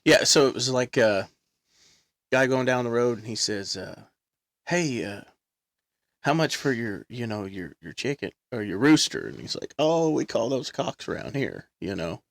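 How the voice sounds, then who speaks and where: A man's voice: mid-range voice, expressive, normal speed, gravelly, dry recording, clean studio sound. A man hosting a casual chat, rambling and losing his place as he retells an old joke.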